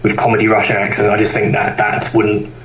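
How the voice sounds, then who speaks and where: A man's voice: on the low side, monotone, brisk, a bit bright, roomy sound, distant mic, a little hiss or hum, low-quality recording. A man who publishes comics, talking casually on a podcast and rambling with lots of fillers and restarts.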